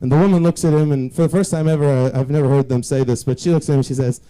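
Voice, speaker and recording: Young male stand-up, dark mellow tone, self-mocking storyteller. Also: fairly high pitch, fairly even intonation, very fast, hardly any pauses, clear, resonant tone, low-quality recording. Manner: self-deprecating, rambling storytelling. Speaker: stand-up comedian. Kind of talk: stand-up set.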